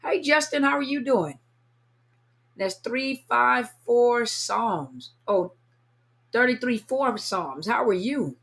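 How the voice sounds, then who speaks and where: Lady chatting on her livestream, kinda high voice, tired, reading off names. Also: lively intonation, slow pace. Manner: warm, chatty, reads viewer names aloud. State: a little tired. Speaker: livestream host greeting viewers. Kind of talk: casual live-stream chat. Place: at home, California.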